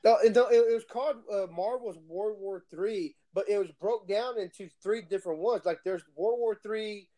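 A man's voice: high voice, moderate pace, few pauses, dark tone. A man chatting casually, telling laid-back stories and laughing often. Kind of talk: casual chat.

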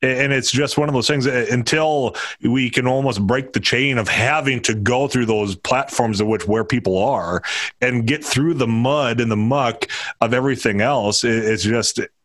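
A man hosting a casual political podcast, a radio commentator who talks in long rambling sentences with many halting restarts. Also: medium pitch, fairly bright tone, no echo, clean studio sound.

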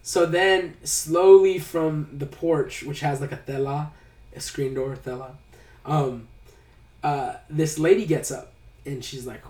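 A man's voice: fairly high pitch, fairly even intonation, measured pace, a little mellow. A man casually recapping a movie plot, rambling and hesitant with lots of fillers. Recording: roomy sound, a bit far from the mic.

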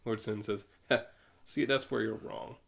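A man's voice: fairly low pitch, steady tone, normal speed, gravelly. A man co-hosting a casual chat, reading comic book lines aloud with playful voices and frequent laughs. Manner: reads characters aloud with playful goofy voices, laughs often. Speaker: podcast co-host.

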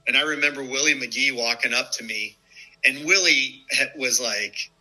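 A man in his fifties tells old stories in a loose, casual way, full of fillers. His voice is very bright and forward. When he quotes someone, his pitch jumps sharply. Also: normal speed, poor audio. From United States. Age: 50s. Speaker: former baseball player, guest. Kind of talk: casual storytelling.

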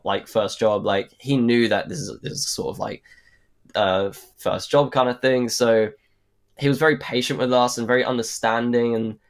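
A young man talks casually in an interview, circling his points with "like" and "um" and restarting sentences. His voice sits at a middle pitch for a man. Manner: rambling, many fillers and restarts. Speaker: actor guest.

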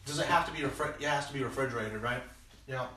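A man's voice: mid-range voice, quick pace, sharp tone. A young man hosting a casual chat, rambling with lots of fillers and restarts. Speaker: podcast host. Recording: roomy, distant mic with background noise.

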